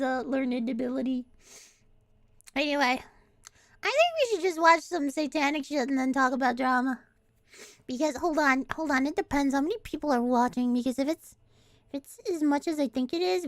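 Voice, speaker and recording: A woman's voice: high voice, fairly bright tone, no room sound, clean studio sound. A young adult woman streaming a casual chat, rambling, swearing and breaking into giggles often. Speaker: VTuber streamer.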